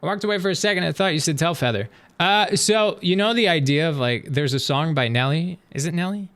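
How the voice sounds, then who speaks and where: A man streaming live, chatting casually with his viewers as he reacts to videos, animated and swearing freely. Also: a little high, brisk.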